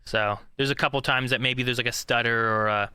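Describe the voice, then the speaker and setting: A man's voice: mid-range voice, steady tone, a little fast, sharp tone, smooth, dry recording, studio quality. A man co-hosting a podcast in casual chat, rambling with many fillers and restarts. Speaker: podcast co-host.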